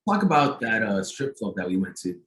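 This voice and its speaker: A man's voice: on the low side, big pitch swings, a bit bright. A young man chatting on a podcast as a guest, joking and teasing. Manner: chatty, joking, quick to tease. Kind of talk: casual chat. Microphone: video call. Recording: echoey room on a video call.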